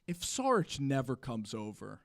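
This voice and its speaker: A man co-hosting a live sports talk show, ranting excitedly in rambling bursts with frequent restarts. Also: mid-range voice, moderate pace, gravelly, dry recording, clean studio sound. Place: home studio, live stream.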